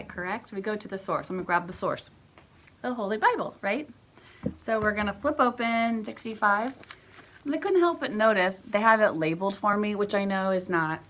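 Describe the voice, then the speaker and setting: A woman's voice: medium pitch, fairly bright tone. Chatty woman homeschool teacher. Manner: chatty, often checks with "right?". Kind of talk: casual explanatory lesson talk. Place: home.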